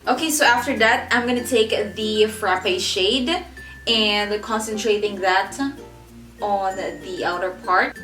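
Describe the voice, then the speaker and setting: A woman's voice: medium pitch, slow pace, fairly bright tone. A young adult woman walking viewers through a makeup tutorial in a chatty way, doubling up words for emphasis. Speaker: beauty vlogger. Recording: roomy echo with faint background music.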